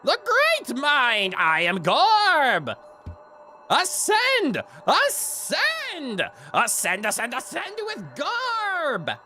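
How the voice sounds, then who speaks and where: High, booming ghost guru, grandiose, slow proclamations. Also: male voice, huge pitch swings, bright, forceful tone, faint music behind, heavily acted. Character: booming self-proclaimed great-mind male ghost.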